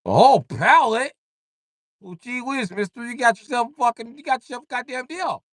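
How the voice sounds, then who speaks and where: Man doing a squeaky folksy yokel. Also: lively intonation, normal speed, fairly bright tone, dry recording, studio quality. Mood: gleeful. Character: eager folksy man taking a deal.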